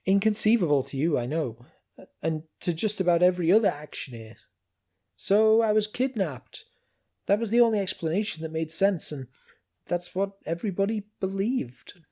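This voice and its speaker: A man's voice: high-pitched, expressive, moderate pace, warm tone, pitched above the performer's own voice. A man reading a weary, earnest worker. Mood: confessing.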